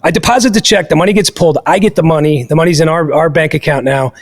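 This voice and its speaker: A man hosting a podcast, telling a story in an animated, emphatic way and swearing freely. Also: on the high side, quick pace. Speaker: podcast host.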